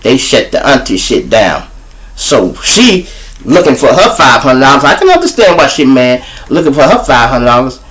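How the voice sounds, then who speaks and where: A man's voice: mid-range voice, very animated, normal speed, a bit bright. A man hosting a live show, telling crude, preachy comic stories. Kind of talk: profane comic storytelling.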